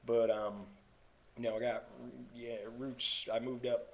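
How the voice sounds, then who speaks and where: A man's voice: mid-range voice, little pitch movement, moderate pace, low-quality recording. A young man from North Carolina in his twenties, chatting to camera in a rambling, digressive way. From North Carolina, USA. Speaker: vlogger. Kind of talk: casual vlog talk to camera.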